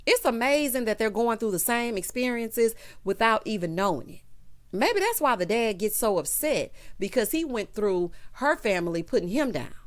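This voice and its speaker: A woman hosting a reality TV recap, telling it like a story with sassy, animated commentary and acted-out quotes. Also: on the high side, normal speed. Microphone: voice-over without camera.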